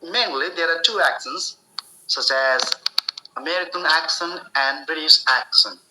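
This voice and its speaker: Slow, bright-voiced man teaching English. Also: fairly high pitch, a little hiss or hum, poor audio. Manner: slow, deliberate explaining with repetitions and restarts. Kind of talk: spoken English lesson.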